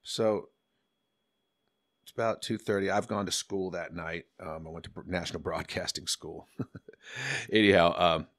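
A man in his fifties, a podcast guest, telling animated and profane stories in a casual way. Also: sits low, a little slow, pauses often, dry recording. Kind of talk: casual storytelling.

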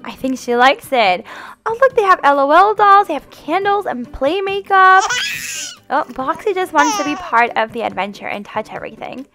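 A woman hosting a family game roleplay as the mom, gentle and motherly in a singsong way. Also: high voice, sing-song, normal speed, over music. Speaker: channel host roleplaying the mom.

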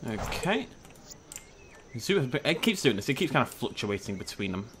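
A young man hosts a gameplay video, chatting casually, cracking jokes and talking to the on-screen animals, now and then letting out a sudden shriek of surprise. His voice sits at medium pitch with a sing-song lilt at normal speed. There's background noise behind this casual let's-play commentary.

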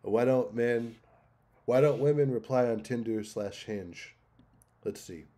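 A man chats casually while reacting to videos on a stream. His voice is mellow and warm, and he talks bluntly and crudely, swearing often. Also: medium pitch, unhurried.

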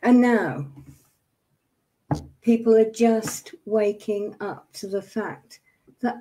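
A woman's voice: mid-range voice, takes it slowly, long pauses, mellow. A woman in her seventies hosting a livestream, talking to viewers in an angry, emphatic way and apologizing for her outbursts. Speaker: livestream host. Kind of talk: impassioned casual talk to viewers.

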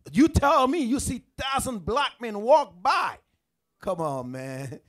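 A man's voice: extremely high pitch, very animated, takes it slowly, a bit bright. A man on a religious teaching panel, speaking earnestly and conversationally, often turning to address the listener directly. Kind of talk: casual teaching discussion.

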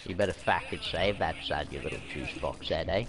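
A man's voice: deep voice, a little fast. A man in casual gaming chat, swearing and trading crude, mock-tough banter with his teammates. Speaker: online game player. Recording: noisy background.

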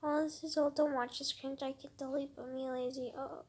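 A woman's voice: sits high, level tone, moderate pace, darkish tone. A woman giving casual, rambling commentary on a screen recording of her own old video, mocking it. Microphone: phone screen-recorder mic.

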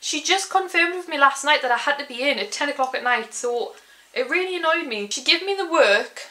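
A young woman talks straight to her viewers in a casual vlog. Her voice is bright and fairly high, and she chats on in an exasperated, ranting way, peppered with "like". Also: lively intonation, fairly quick, rough recording. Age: young adult. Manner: chatty, exasperated ranting with frequent "like". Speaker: vlogger.

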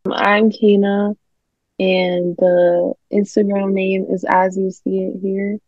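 Slow, mellow woman on dull lo-fi line. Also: mid-range voice, monotone, no room sound. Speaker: podcast guest. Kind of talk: casual chat. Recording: dull lo-fi dry sound.

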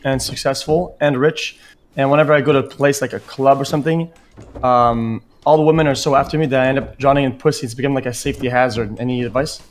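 A man asking for advice in a deadpan, boastful, joking way. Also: medium pitch. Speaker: streamer. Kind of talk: mock advice call.

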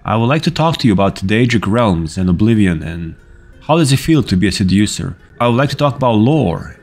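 Low-voiced man joking over gameplay. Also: very animated, brisk, a little mellow, soft background music. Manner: joking, teasing game characters. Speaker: gaming YouTuber. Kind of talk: casual gameplay commentary.

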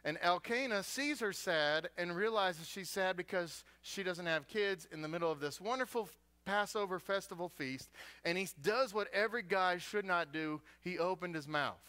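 A man preaches as a guest speaker, telling the story with humor and lively energy. His voice is high and bright, with a forceful edge. He mixes jokes into his sermon in a church. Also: moderate pace.

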